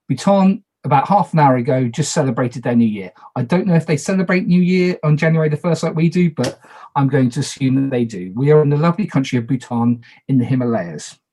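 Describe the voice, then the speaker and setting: A man's voice: mid-range voice, darkish tone. A man moderating an online party game on a video call, talking casually, repeating instructions and making self-deprecating asides.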